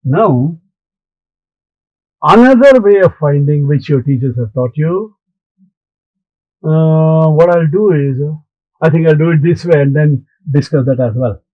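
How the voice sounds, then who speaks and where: A man's voice: a little high, no room sound, highs cut off. A man teaching a maths lesson, explaining step by step and answering imagined students. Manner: slow, deliberate explaining, talks back to imagined students.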